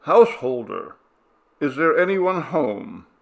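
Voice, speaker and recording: A man voicing a blunt village headman who calls out loudly. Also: medium pitch, very animated, measured pace.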